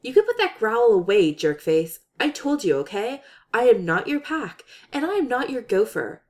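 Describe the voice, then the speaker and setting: A woman voicing an excitable, babbling young woman who panics and snaps back loudly in a read-aloud story. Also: on the high side. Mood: defiant. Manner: rapid flustered babble, loud outbursts.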